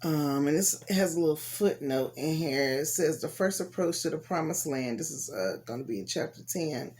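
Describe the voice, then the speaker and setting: A woman hosting a casual Bible reading, chatty and relaxed, recapping chapters between readings and sounding cold and sleepy. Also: low-pitched, moderate pace, husky. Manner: relaxed, chatty, with fillers and Southern US colloquialisms.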